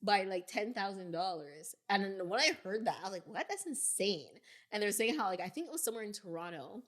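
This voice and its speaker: A woman's voice: medium pitch, expressive, fairly quick. A woman in her twenties co-hosting a podcast, telling stories in a chatty, rambling way. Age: 20s. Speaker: podcast co-host. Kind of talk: casual chat.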